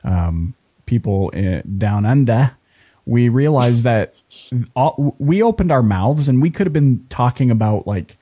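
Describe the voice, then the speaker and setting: Lively Canadian man hosting an interview. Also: medium pitch, measured pace, husky. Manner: playful, joking, animated. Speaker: podcast host. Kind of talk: casual interview talk.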